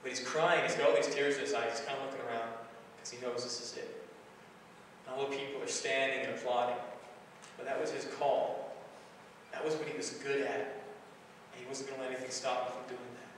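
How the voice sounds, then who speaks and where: A man's voice: medium pitch, little pitch movement, a little fast, pauses often, fairly bright tone. A man preaching a sermon, retelling a film story in a casual, conversational way with filler phrases. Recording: echoey hall recording from far off, faint hiss.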